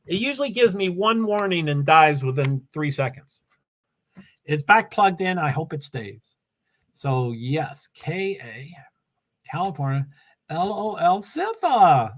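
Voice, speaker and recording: A man's voice: on the high side, sing-song, a little slow, a bit bright. An older man hosting a casual livestream, chatting in a scattered way and reading viewer comments aloud from his laptop. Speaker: livestream host. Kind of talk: rambling casual livestream chat.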